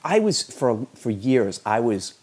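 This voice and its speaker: A man's voice: medium pitch, big pitch swings, takes it slowly, a little mellow, slightly rough. A man talking casually as a podcast guest, rambling with many restarts and stammers. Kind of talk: casual conversation.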